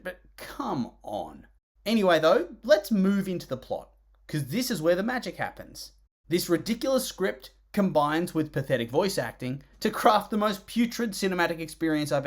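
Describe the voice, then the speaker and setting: A film reviewer narrating a comedic review in a sarcastic, exasperated way, groaning and sighing in disgust. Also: medium pitch.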